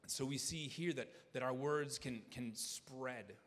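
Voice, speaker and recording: A man's voice: medium pitch, a little slow, fairly bright tone. A man preaching a sermon as pastor, earnest, often restarting his phrases. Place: church sanctuary. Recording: long church hall reverb.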